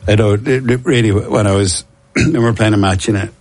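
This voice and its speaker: A middle-aged man from Dublin, Ireland, tells stories as a guest in a casual interview, rambling, poking fun at himself, and often restarting sentences. His voice sits on the low side, with a steady, darkish tone and a slightly fast pace.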